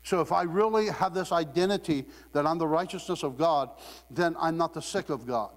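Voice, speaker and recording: Laughing frequently, a preacher from Ohio jokes his way through a conversational sermon at an ordinary pace. His voice sits a little high, and a large hall's long reverb echoes around it.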